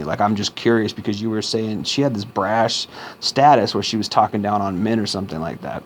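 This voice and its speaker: Low-voiced man rambling casually. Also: steady tone, a little fast, a little hiss or hum. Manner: rambling, with frequent repeats and restarts; blunt and informal, with a short laugh now and then. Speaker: vlogger. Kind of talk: casual monologue.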